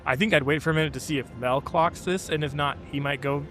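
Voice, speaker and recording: Measured male player thinking through a plan, slightly high voice, soft music under it. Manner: thoughtful, measured, planning aloud. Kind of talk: tabletop game play.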